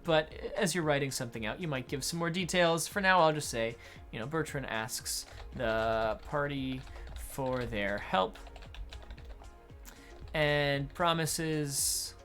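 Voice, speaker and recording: A man acting as a game master, explaining adventure design in an unhurried tutorial talk while thinking aloud. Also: fairly high pitch, fairly bright tone, faint music behind.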